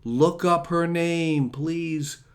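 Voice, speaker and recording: Chatty higher-voiced man hosting. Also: fairly even intonation, very slow. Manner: rambling, chatty, jokey. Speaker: host. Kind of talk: casual talk show sign-off.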